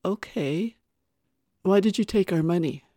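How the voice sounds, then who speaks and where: A woman's voice: on the low side, unhurried, mellow, no echo, clean studio sound. A woman reading a novel aloud, voicing a skeptical man who asks pointed questions.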